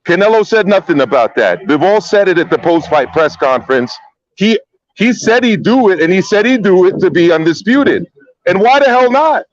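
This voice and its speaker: A man's voice: high-pitched, big pitch swings, normal speed. A man in a casual chat, joining remotely and giving a blunt, direct take while often repeating his words. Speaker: guest analyst. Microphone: remote call. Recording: dull lo-fi call audio.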